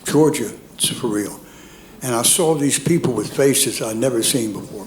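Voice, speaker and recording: A man's voice: medium pitch, moderate pace, darkish tone, a little hiss or hum. A man, telling a rambling, folksy stand-up set on a comedy club stage. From North Carolina, USA. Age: 80s. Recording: roomy club with audience laughter.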